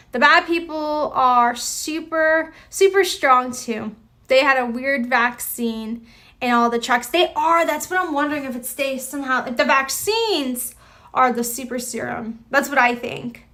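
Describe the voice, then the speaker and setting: A woman's voice: on the high side, sharp tone. A woman chatting casually with her viewers on a live stream, rambling with lots of fillers and restarts.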